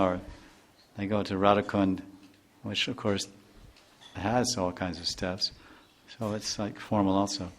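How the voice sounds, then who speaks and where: An older man, a spiritual teacher, giving a devotional lecture in a loose, conversational way with many asides and restarts. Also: lowish voice.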